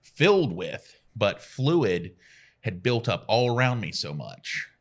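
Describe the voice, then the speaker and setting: A man in his forties, a radio guest telling self-deprecating stories in casual chat and acting out quotes with a jump in pitch. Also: sing-song, slow pace. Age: 40s.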